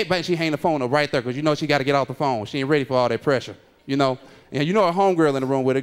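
A man's voice: mid-range voice, racing, clean tone. A male stand-up comedian on a club stage, acting out a phone call in several voices.

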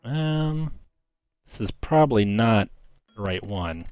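A man's voice: lowish voice, animated, takes it slowly, clean tone, dull audio. A man giving let's play commentary, reading the game's story text aloud and musing to himself. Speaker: game commentator.

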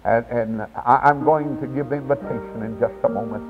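An older man, preaching a revival sermon. He tells his story with feeling, dropping to a hush and then rising to a shout. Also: mid-range voice, brisk, over music. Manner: storytelling preacher, swings from hushed to hollering. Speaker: evangelist. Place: church sanctuary. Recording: tinny lo-fi 1990s church tape.

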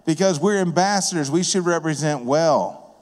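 The long reverb of a church hall carries a man's voice, which is on the high side and a little mellow, at normal speed. He preaches a plain-spoken sermon built around stories from his work as a business owner and contractor.

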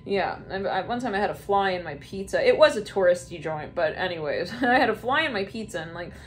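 A woman's voice: medium pitch, expressive, fairly quick, a little hiss or hum. Giggly rambling woman doing tarot. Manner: giggly, rambling, frequent laughter and profanity. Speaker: tarot reader. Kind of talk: casual tarot reading monologue.

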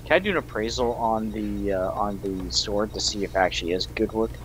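Low-voiced laid-back man playing a tabletop game. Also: fairly quick, poor audio. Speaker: player. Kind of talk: casual tabletop game play. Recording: noticeable background noise.

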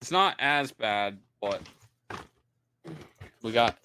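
A man's voice: medium pitch, expressive, takes it slowly, sharp tone, slight background noise. A man hosting, in casual chat, giving wry joking commentary on food. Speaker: host.

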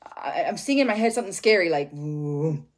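A woman with a somewhat low voice talks her way through a casual tarot reading. She rambles, circles back on herself and swears freely as she reacts to the cards. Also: lively intonation, moderate pace. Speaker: tarot reader.

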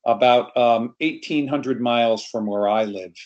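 Here a middle-aged New Yorker shares a family anecdote in an easygoing way, performing for a video-call audience as though they sat before him. The voice is mid-range, unhurried and somewhat dark, with the high frequencies cut off.

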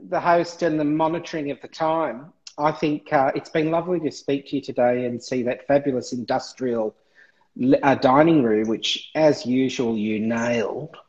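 A man's voice: medium pitch, normal speed, darkish tone. Playful male host, lo-fi. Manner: playful, teasing, affectionate. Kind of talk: casual live-stream chat. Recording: dull lo-fi stream audio.

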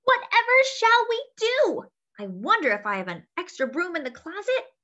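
Fussy old storybook witch, shrill and frantic, put on by a woman reader; bright, lo-fi. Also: huge pitch swings, moderate pace, exaggerated voice. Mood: flustered. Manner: high, shrill exclamations. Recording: dull lo-fi sound.

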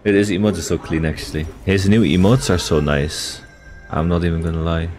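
A man's voice: sits low, fairly even intonation, fairly quick, a little mellow, soft background music. A young man with a Dutch accent streaming a game, chatting casually, reading chat aloud and swearing freely.

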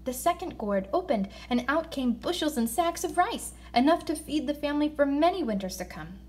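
A woman reading a children's story aloud in an expressive voice, slowing down for emphasis. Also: high voice. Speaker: narrator.

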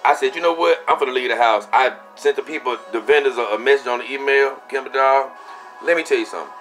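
A young man casually telling a story for his vlog, animated and profane, acting out what he said at the time. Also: medium pitch, quick pace, soft background music. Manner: animated, profane, acts out his own quotes. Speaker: vlogger.

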